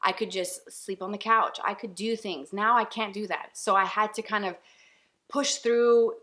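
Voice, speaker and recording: A woman in her thirties, chatting to camera as a vlogger, retelling a personal story in a lively way and acting out what was said. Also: mid-range voice, normal speed. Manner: chatty, animated retelling with acted-out quotes. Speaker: beauty and family vlogger.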